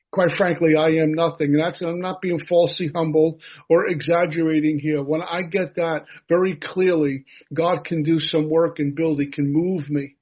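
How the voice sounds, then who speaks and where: Husky-voiced man sharing his recovery story. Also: on the high side, darkish tone. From United States. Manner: earnest storytelling with self-deprecating humor. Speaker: recovery meeting speaker. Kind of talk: personal recovery share. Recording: dull lo-fi recording.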